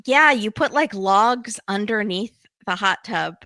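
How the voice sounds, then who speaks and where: A bright-voiced woman hosts a casual podcast recap. She chats fast and loose, full of "like" and "um," and the sound is dry and close to the mic. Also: medium pitch, no echo. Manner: chatty, lots of "like" and "um", animated retellings. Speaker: podcast host.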